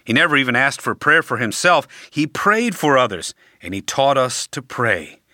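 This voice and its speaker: Male preacher, sermon delivery, bright and forceful tone, slows down for emphasis, dry close sound. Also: medium pitch, big pitch swings, dry recording. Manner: deliberate, emphatic delivery with dramatic pauses.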